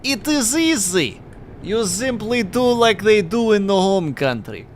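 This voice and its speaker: A man voicing a blunt, deadpan man named Boris, speaking broken English in a put-on Russian accent. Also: high-pitched, unhurried, slight background noise, voice pushed up.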